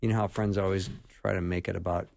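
A man's voice: sits low, level tone, fast, vocal fry, a little mellow, no echo. A man hosting a call-in radio show, chatty and joking as he reads out listener questions.

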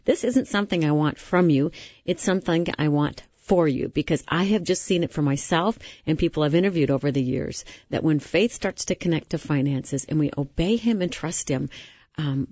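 An enthusiastic host of a faith-based talk show who speaks warmly to a guest. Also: medium pitch, normal speed, dry recording. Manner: enthusiastic, reads scripture aloud. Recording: dull, dry lo-fi sound.

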